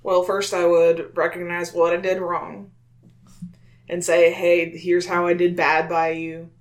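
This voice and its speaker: A woman's voice: fairly low pitch, monotone, unhurried, lightly acted. A woman playing a blunt adventurer who gives frank advice and swears casually.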